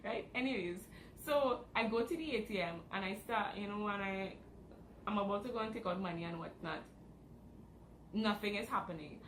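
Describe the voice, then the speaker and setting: A woman's voice: mid-range voice, normal speed. A young woman telling a dramatic story in a casual vlog. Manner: animated, dramatic retelling. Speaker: vlogger. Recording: roomy with faint background noise.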